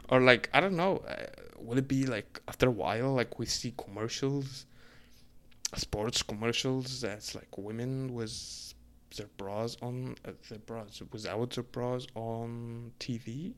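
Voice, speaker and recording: A man's voice: mid-range voice, steady tone, a little slow, a bit bright, smooth. Male vlogger, casual rant, blunt and profane, heated delivery. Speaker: vlogger answering comments.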